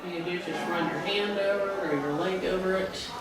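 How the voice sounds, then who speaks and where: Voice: mid-range voice, fairly even intonation, a little fast. A paranormal investigator calling out to spirits in an old seminary building during a ghost hunt, coaxing them and explaining the gadgets set out for them. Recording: roomy echo, faint background hiss.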